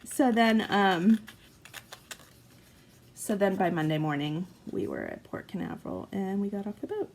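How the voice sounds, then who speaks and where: A woman's voice: medium pitch, unhurried, pauses often, a little mellow, a little hiss or hum, low-quality recording. A woman in her forties, a mom chatting casually and rambling through a story while crafting at home. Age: 40s. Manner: chatty, rambling, self-mocking.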